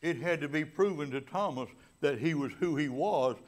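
Man, preacher, sermon, fairly high voice, soft then loud, drawn-out emphasis, casual asides. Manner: swings between soft, low passages and loud, emphatic climaxes; stretches key words out slowly for emphasis.

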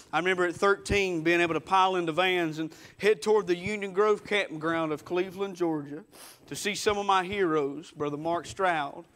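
High-voiced preacher telling a story. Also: male voice, a bit bright. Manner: folksy storytelling, acts out quotes. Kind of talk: sermon testimony.

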